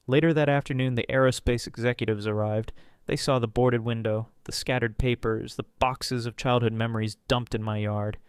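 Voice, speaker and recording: A man's voice: mid-range voice, fairly even intonation, moderate pace, clear, resonant tone, no echo, clean studio sound. A man narrating a first-person drama story, reading dramatically and jumping into characters' voices.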